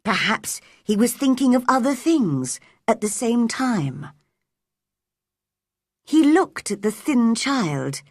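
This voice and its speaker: Slow, breathy woman narrating an audiobook. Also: a little high, dry recording, clean studio sound. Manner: clear, measured, expressive character voices. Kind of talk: graded-reader audiobook narration for English learners.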